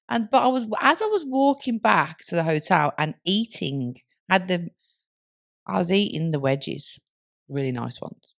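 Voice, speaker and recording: A woman's voice: fairly low pitch, measured pace, gravelly. A woman co-hosting a podcast, casually telling a story with lots of laughter and swearing. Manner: giggly, swearing, animated storytelling. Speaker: podcast co-host.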